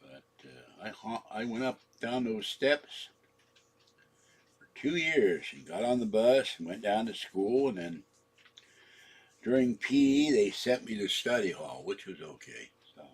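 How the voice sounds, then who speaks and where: A man's voice: lowish voice, big pitch swings, unhurried, breathy edge. A man in his seventies telling a meandering personal story, trailing off and correcting his own words, his throat sore from coughing. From San Francisco. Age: 70s. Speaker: channel host.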